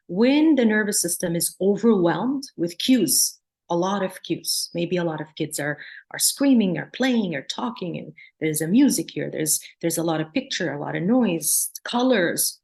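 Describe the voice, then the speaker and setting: Her voice is lowish with vocal fry as she teaches a workshop. She is a psychologist and lecturer from Palestine who was raised in Jordan, speaking earnestly and explanatorily while demonstrating soothing sing-song tones.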